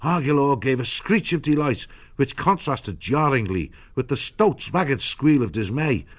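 A man's voice: mid-range voice, expressive, lo-fi sound. Man narrating a storybook. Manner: measured storytelling. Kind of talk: audiobook narration.

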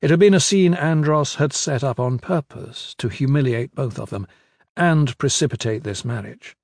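A man narrating a fantasy novel in a measured, even storytelling manner into a close studio mic. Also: medium pitch, no echo. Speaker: audiobook narrator.

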